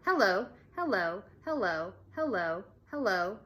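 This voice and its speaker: A woman voicing a bossy, giggly schoolgirl who taunts a boy loudly. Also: sing-song, a little slow. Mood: teasing. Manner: loud, shrill teasing.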